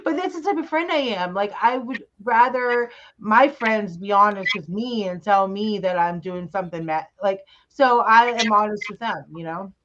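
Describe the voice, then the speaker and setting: A woman's voice: medium pitch, normal speed, hardly any pauses, a bit bright, dull audio. A woman panelist on a video call telling a story in a blunt, direct way with lots of "like". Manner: blunt, says "like" a lot.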